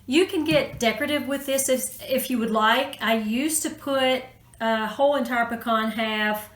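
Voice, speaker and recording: A woman's voice: a little high, moderate pace. A woman hosting a casual cooking tutorial in her home kitchen, in a chatty, homey way with folksy phrasing. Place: home kitchen, food sizzling. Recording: echoey kitchen with cooking noise.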